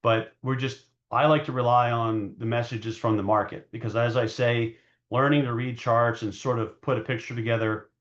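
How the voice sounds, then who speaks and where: A male market analyst casually talks through his charts in a steady, medium-pitched, everyday voice at a moderate pace. He rambles and hedges, catching himself mid-sentence to restart, with plenty of fillers. The recording is a little dull and lo-fi.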